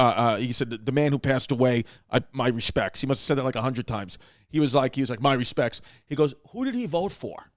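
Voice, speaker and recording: A New York City man co-hosting a podcast spins a long story in casual chat, using a mid-range voice. He acts out other people's lines in lively voices, and the recording is dry and studio quality.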